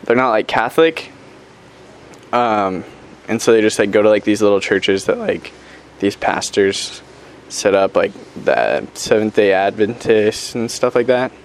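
A man's voice: fairly low pitch, expressive, a little slow, slight background noise. A man in his twenties, a missionary, giving a casual, upbeat video update, talking chattily with lots of fillers.

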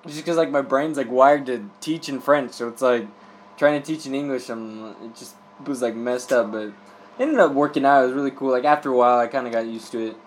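A man's voice: medium pitch, brisk. Young man, missionary, casual rambling story, frequent laughs, faint room hum. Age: young adult. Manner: rambling, lots of filler words and laughter.

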